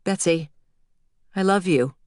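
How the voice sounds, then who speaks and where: A woman voicing a gentle, guilt-ridden soldier mother pleading with her child in an audiobook. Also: on the low side, slow, no echo, clean studio sound.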